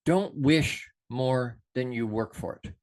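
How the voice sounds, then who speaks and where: Speaking slowly in a mid-range voice, the middle-aged host offers an impromptu, impassioned motivational talk on his show, moving between quiet musing and emphatic exhortation.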